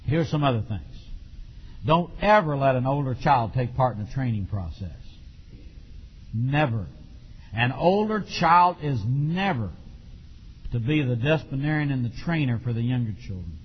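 A man preaching a sermon on raising children, acting out parents and children and bursting into shouts. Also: mid-range voice, expressive, moderate pace, pauses often, husky, dull audio.

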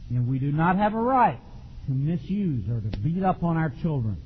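A middle-aged man preaching a sermon in a folksy, animated way, with sudden shouts. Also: fairly high pitch, moderate pace, husky. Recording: dull lo-fi recording in a long-reverb hall.

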